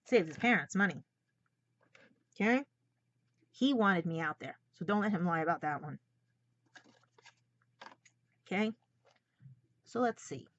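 A woman's voice: lowish voice, lively intonation, a little slow, long pauses, a bit bright. Angry woman vlogger, dull lo-fi sound. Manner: confrontational, keeps addressing viewers as "guys". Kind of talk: angry personal vlog rant.

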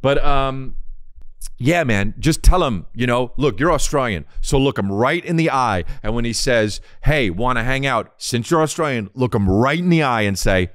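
A man's voice: mid-range voice, expressive, moderate pace, no room sound, clean studio sound. A man co-hosting a podcast, joking crudely in casual chat and riffing through put-on voices. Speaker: podcast co-host.

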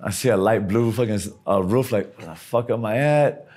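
A young man telling profane, animated stories in street slang during an interview. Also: fairly low pitch, moderate pace, breathy edge. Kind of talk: casual storytelling.

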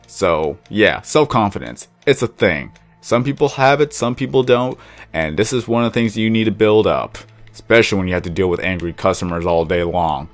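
A young man casually commenting while he plays a block-building game, rambling and chatty, sometimes cooing at his pet dog. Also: lowish voice. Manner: rambling, chatty, self-described monotone when calm. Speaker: gaming YouTuber.

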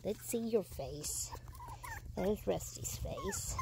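A woman's voice: mid-range voice, huge pitch swings, slow, vocal fry, heavy background noise. A woman, a dog breeder, casually narrating a video and talking to her puppies in sing-song baby talk. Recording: loud puppy whimpers behind. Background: puppies whimpering.

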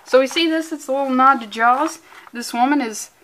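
High-voiced woman ranting playfully about comics. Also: brisk, bright, forceful tone, slight background noise. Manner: mock-angry, profane, rambling, playful. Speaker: comic book vlogger. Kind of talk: casual comic review vlog.

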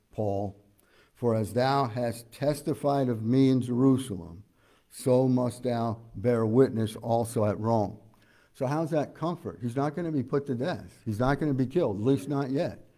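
A man preaching an expository sermon as pastor. He explains scripture verse by verse, asks the congregation questions and often pauses on "uh". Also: medium pitch, dark tone. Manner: preaches conversationally with frequent "uh" fillers.

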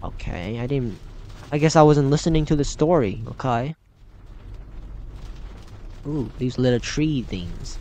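A man's voice: medium pitch, lively intonation, measured pace, long pauses, darkish tone, slight background noise. A man commenting chattily as he plays a horror game, reading its dialogue aloud. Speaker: gaming channel host. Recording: slightly dull game recording with faint music.

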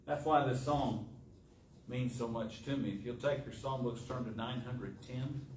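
A middle-aged man preaching a sermon in a church, asking rhetorical questions and pausing for effect. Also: medium pitch, a little mellow. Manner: rhetorical questions with dramatic pauses. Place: church sanctuary. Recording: echoey church, distant mic, faint hiss.

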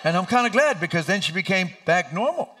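A middle-aged man preaching as a pastor in a church, telling lively stories and laughing as he goes. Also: high voice, fairly quick. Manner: animated, laughing storyteller who acts out voices. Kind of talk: sermon with storytelling. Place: church sanctuary.

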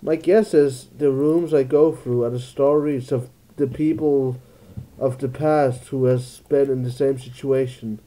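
Very dark-voiced man thinking aloud. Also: mid-range voice, steady tone, measured pace. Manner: musing, thinking aloud, jokey asides. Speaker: let's play gamer. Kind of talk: casual gameplay commentary.

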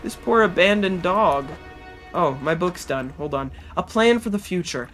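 A man's voice: high-pitched, expressive, moderate pace, a bit bright, faint music behind. A man streaming live, chatting as he plays and talking back to game characters and his chat. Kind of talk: live gameplay commentary.

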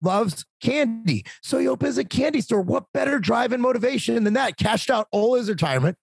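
Chatty husky-voiced man telling stories. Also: extremely high pitch, brisk, dry recording. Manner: talkative, animated, swearing. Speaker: podcast guest. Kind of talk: casual storytelling.

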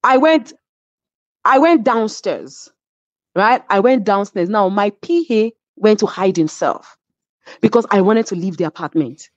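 A woman's voice: medium pitch, animated, a little slow, dry recording. A woman with a Nigerian accent, a reality show cast member telling her side in an interview, emphatic and checking that her listeners follow. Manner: emphatic, keeps asking "do you understand?". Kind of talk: animated storytelling in an interview. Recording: dull lo-fi sound.

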